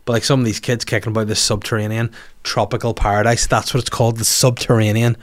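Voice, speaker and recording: A man in his thirties with a Northern Irish accent, a comedian hosting a podcast, telling animated comic stories with some swearing. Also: lowish voice, quick pace. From Northern Ireland. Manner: animated, swearing, acts out voices in quotes. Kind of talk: comic storytelling.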